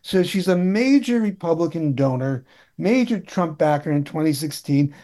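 A man talking politics in a casual chat, wry and halting, with many restarts. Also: on the high side, lively intonation, warm tone.

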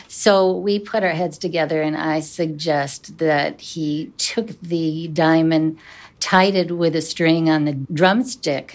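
A woman from a turkey advice hotline recounting a call in a chatty way with hesitant restarts. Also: low-pitched. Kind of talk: anecdote in an interview.

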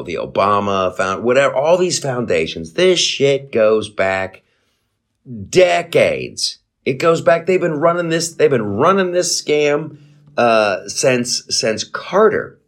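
A man hosting a podcast, giving rambling, profane political commentary with sarcastic asides. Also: fairly low pitch. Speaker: podcast host.

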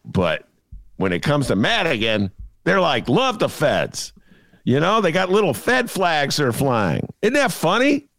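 A man hosting a political talk show, his voice leaping high and dropping low as he rants with sarcasm. He chuckles at his own jokes. The recording is dry and close. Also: huge pitch swings, a little slow, fairly bright tone, no echo. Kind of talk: opinionated political chat.

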